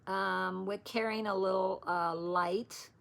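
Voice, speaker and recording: A woman's voice: medium pitch, steady tone, slow, vocal fry, a bit bright. A woman vlogger chatting casually about her stitching patterns, rambling and interrupting herself as she searches. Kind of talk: casual show-and-tell chat.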